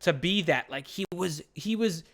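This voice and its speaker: A man's voice: a little high, animated, moderate pace, fairly bright tone. A man co-hosting a comics podcast, casually retelling a story and acting out the characters' lines, with lots of swearing and fillers. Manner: frequent profanity and fillers. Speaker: podcast co-host. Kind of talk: casual comic book chat.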